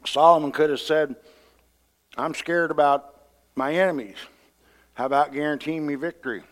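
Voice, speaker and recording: A pastor preaching a sermon in a conversational style, often repeating words and acting out what people say. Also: male voice, fairly high pitch, steady tone, moderate pace.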